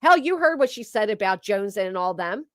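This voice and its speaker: A woman's voice: medium pitch, expressive, moderate pace, fairly bright tone, no echo, clean studio sound. A woman streamer giving blunt, sarcastic, profane gossip commentary while reading her chat, on a desk microphone. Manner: blunt, sarcastic, heavy cursing. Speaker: livestream commentator. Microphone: streaming desk mic.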